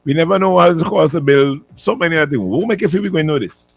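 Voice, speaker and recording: A man's voice: on the high side, expressive, fast talker, gravelly, dry recording, faint music behind. A man with a Vincentian accent co-hosting a morning radio show, joking and arguing rhetorically. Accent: Vincentian English. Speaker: radio co-host. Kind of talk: casual talk radio banter.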